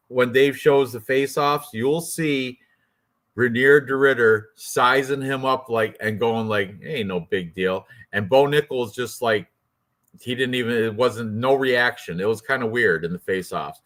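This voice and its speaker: A man's voice: medium pitch, measured pace, a bit bright. A man co-hosting a fight picks stream, rambling in casual banter, swearing and laughing often. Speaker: co-host of a fight picks show.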